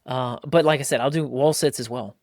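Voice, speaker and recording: A man in his forties, a father and podcast host, telling family stories in a lively casual way and laughing often. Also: medium pitch, fairly quick, no echo, clean studio sound. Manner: animated storyteller, often laughing. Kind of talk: casual chat.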